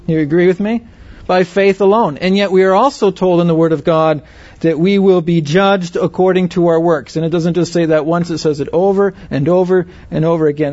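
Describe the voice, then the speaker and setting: This Bible teacher has a high, slightly mellow voice, captured on dull audio. Delivering a teaching sermon to a group, he stresses key words, asks his audience questions and keeps checking whether they agree.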